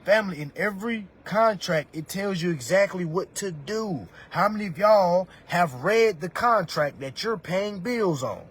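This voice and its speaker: High husky guy ranting on a phone live stream, cussing, preachy. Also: animated, a little slow, hardly any pauses, fairly bright tone. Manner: profane, preachy, talks straight to the audience as "family". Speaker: livestreamer giving money advice. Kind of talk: ranting livestream monologue.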